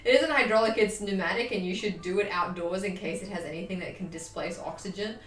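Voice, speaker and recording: A woman's voice: medium pitch, brisk, few pauses, a bit bright, slight background noise. A young woman chatting casually on a live stream, bubbly and chatty, swearing freely. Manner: bubbly, chatty, swears casually, baby-talks to her dog. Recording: echoey room, mic at a distance.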